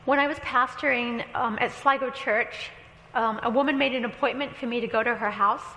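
A woman's voice: a little high, fairly even intonation, fairly quick, pushed and bright. A woman pastor preaching a sermon, telling a story with quoted dialogue and light humor. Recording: echoey hall with long reverb.

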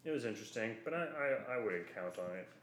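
A man co-hosting a casual podcast, talking in an animated, playful way full of rambling asides. His voice sits at an ordinary middle pitch. The recording has a noticeable roomy echo. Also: fast talker, slight background noise. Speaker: podcast co-host. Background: dog heard at times.

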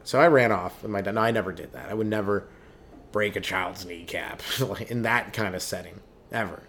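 A young man doing a rambling, profane comedy monologue as a stand-up podcast host, who keeps breaking into quick acted voices and yells. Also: lowish voice, slight background noise.

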